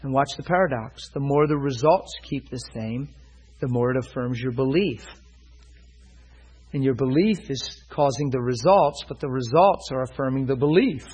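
A man's voice: medium pitch, moderate pace, darkish tone, husky, rough recording. A man preaching, retelling a personal story in dialogue and turning it into a lesson, often checking that his listeners follow. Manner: retells a personal story, quoting both sides; asks listeners if they follow. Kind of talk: sermon storytelling.

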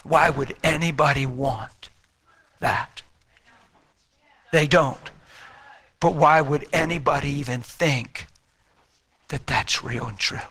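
A man's voice: a little high, slow, long pauses, slightly rough. A man preaching a sermon, telling a story and acting out the dialogue, with folksy, colloquial talk. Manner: animated, acts out quoted dialogue in a raised voice. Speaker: traveling preacher. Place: church.

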